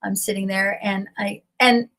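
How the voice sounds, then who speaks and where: A woman's voice: medium pitch, little pitch movement, moderate pace, a bit bright. A middle-aged woman telling a personal story as an interview guest over a video call from home, earnest and emotional, wandering as she talks. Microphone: computer mic on a video call.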